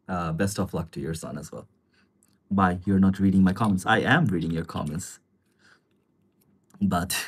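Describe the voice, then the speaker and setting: Deep, slightly husky man, laid-back livestream host, rambling and chuckly. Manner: relaxed, rambling, chuckles often, many fillers. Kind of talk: casual live chat answering viewer comments.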